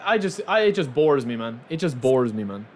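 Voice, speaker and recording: A man's voice: medium pitch, very animated, brisk, a little hiss or hum. A young man streaming a football game live, chatting and commentating in a repetitive, teasing way, tagging "man" onto his lines. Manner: teasing, laughs easily.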